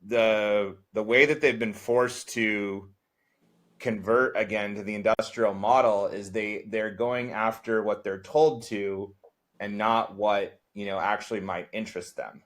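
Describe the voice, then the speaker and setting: Rambling man teacher with a low voice. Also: steady tone, a little slow, a bit bright. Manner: rambling, heavy with filler words. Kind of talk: casual group discussion.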